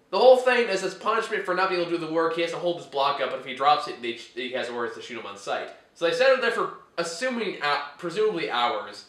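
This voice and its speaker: High, lively young man ranting about movies. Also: reverberant. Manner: ranting, laughing often, exasperated. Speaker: host reviewing movies. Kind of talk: casual chat.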